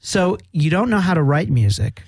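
A man's voice: sits high, very animated, moderate pace, a little mellow, no room sound. A man hosting a casual interview, asking questions in a curious way and laughing easily. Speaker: interview host.

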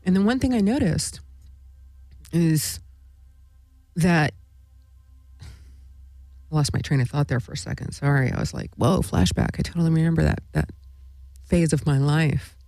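A woman's voice: sits low, a little slow, long pauses, mellow, no echo, clean studio sound. A woman hosting a spiritual talk show, speaking in a meandering monologue full of "you know" and "right?". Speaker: host.

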